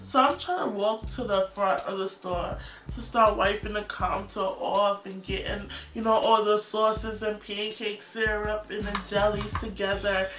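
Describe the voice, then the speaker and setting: A woman in her twenties from New York, telling a storytime vlog story in an animated, slangy way and acting out scenes. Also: medium pitch, a little slow, distant mic. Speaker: vlogger. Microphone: phone or tablet camera. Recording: roomy, off-mic, faint music.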